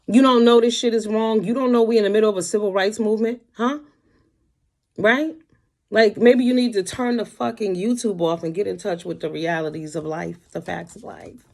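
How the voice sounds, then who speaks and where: Sassy, gravelly woman ranting at home. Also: fairly low pitch. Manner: blunt, sassy, heavy cursing. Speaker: commentary vlogger. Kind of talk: profane rant to camera.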